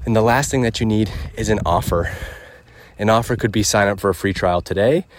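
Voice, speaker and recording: A man's voice: on the low side, brisk, noisy background. A man hosting a podcast, giving an emphatic casual rant while out on a walk, a little out of breath. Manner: emphatic, punchy checklist delivery. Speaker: podcast host. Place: outdoors on a walk.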